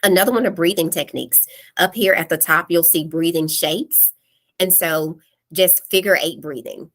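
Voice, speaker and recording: A woman presenting an online parenting workshop, explaining practical calming techniques step by step in a plain, practical way. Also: fairly low pitch, moderate pace.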